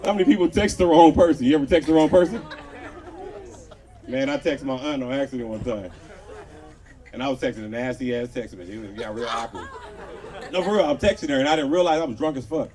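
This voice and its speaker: A man's voice: medium pitch, quick pace, long pauses, far from the mic. A man doing a crude stand-up comedy set at an outdoor show, telling stories with voiced quotes and talking to the crowd. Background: crowd laughing.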